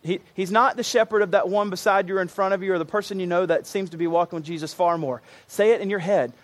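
A man's voice: sits high, quick pace, hardly any pauses. A man preaching a sermon to his congregation, earnest and emphatic, often repeating himself for weight. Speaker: pastor.

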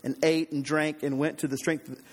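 A man preaching an earnest, conversational sermon, slightly hoarse, often restarting his sentences. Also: fairly high pitch, little pitch movement, moderate pace, big-room sound. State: slightly hoarse, throat trouble.

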